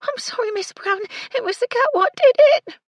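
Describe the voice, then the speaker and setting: A woman's voice: very high voice, animated, normal speed, vocal fry, dry recording, pitched above the performer's own voice, heavily acted. A woman voicing a timid young kitchen maid, wailing and pleading. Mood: whining.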